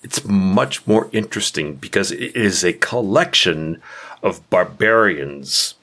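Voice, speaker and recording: Casting: lower-pitched male dungeon master, descriptive, easy laughs, faint music bed. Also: pushed and bright. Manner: descriptive, laughs easily mid-narration. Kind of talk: narrating a tabletop game.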